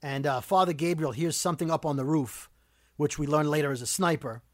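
A man hosting a casual chat that recaps a TV episode, talking fast and ranting about plot holes. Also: fairly high pitch, no room sound, studio quality. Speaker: podcast host recapping a TV episode.

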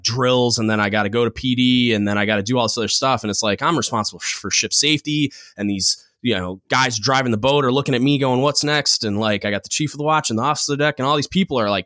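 A man with a bright, forward voice tells a story in a loose, rambling way. The sound is dry and close. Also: mid-range voice, no room sound. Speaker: podcast co-host. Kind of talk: casual chat.

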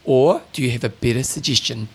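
A man's voice: mid-range voice, fairly quick, darkish tone, breathy edge. A man co-hosting a podcast, chatty and teasing, laughing often in casual conversation. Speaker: podcast co-host. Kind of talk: casual chat.

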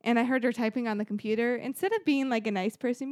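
Chatty higher-voiced woman on a dry mic. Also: very fast, few pauses, a little mellow, no room sound. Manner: chatty storytelling with frequent "like" and laughs. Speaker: podcast co-host. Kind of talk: casual podcast chat.

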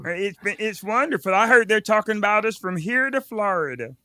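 A man's voice: high-pitched, lively intonation, a little fast, pushed and bright, no echo. A man doing improv comedy as a flustered, eager restaurant worker who stammers.

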